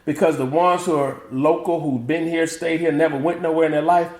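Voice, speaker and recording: A middle-aged man from the American South tells stories in a casual interview, voicing his relatives and laughing along. His voice sits a little high for a man. The room is noticeably echoey. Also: a little fast. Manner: animated, acts out family quotes, laughs often. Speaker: guest, author and motivational speaker. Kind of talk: casual interview chat, storytelling.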